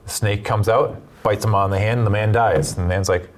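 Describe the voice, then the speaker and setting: A man delivers political commentary in a lowish voice. He talks in quick, animated bursts and tells stories with energy. He sounds like a studio guest. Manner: animated storyteller, quick bursts when making points.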